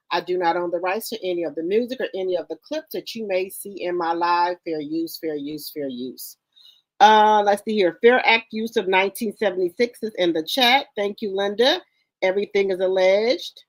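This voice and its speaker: A woman's voice: medium pitch, no room sound. A woman hosting a casual livestream, greeting viewers one by one with repeated hellos in an informal, chatty way. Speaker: livestream host.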